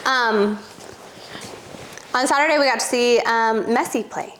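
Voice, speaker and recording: A woman's voice: on the high side, unhurried, fairly bright tone, slight background noise, poor audio. Chatty, teasing woman podcast co-host. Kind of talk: casual chat.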